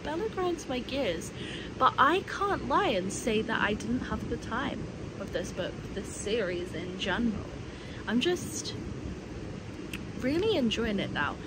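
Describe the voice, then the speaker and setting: A woman's voice: on the high side, big pitch swings, unhurried, very noisy. A young woman in a casual book vlog, candid and sarcastic, laughing often. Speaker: book vlogger. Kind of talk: casual reading vlog chat.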